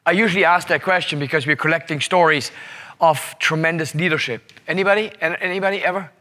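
Speaking fast with a fairly high pitch, this leadership seminar presenter sounds bright and forceful. He tells a story to his audience, hammering points through repetition and tossing in "right?" again and again.

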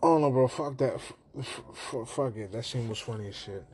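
Podcast host, male, loose profane recap of a film, average pitch, light room noise. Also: fairly quick. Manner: profane, animated retelling with put-on quoted voices. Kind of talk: casual movie rant.

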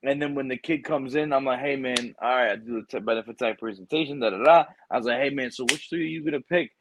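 A man, a military recruiter, chatting casually and telling rambling, animated stories full of quoted dialogue and swearing. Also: medium pitch, fast talker, noisy background. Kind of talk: casual chat.

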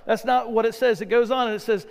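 A man's voice: extremely high pitch, fairly even intonation, fast, creaky, clean tone, big-room sound. A man preaching a sermon as pastor, talking conversationally with joking asides and often repeating words as he restarts.

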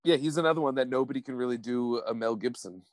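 A man's voice: mid-range voice, fast talker, dry recording. A man co-hosting a podcast in casual chat, laughing often, swearing and slipping into playful impressions. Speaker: podcast co-host.

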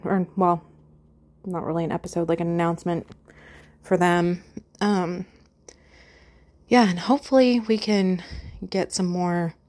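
A woman podcast co-host giving a halting, heartfelt update with many fillers, close to tears. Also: on the low side, mellow. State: emotional, holding back tears.

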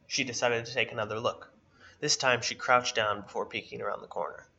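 A man reading a fantasy story aloud in a steady, even narration. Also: mid-range voice, a little fast, lo-fi sound.

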